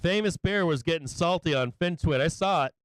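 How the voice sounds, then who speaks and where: A man hosting a live stock market stream, excitable and taunting, repeating his phrases and laughing often. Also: fairly high pitch, a little fast, dry recording. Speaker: stock market livestream host.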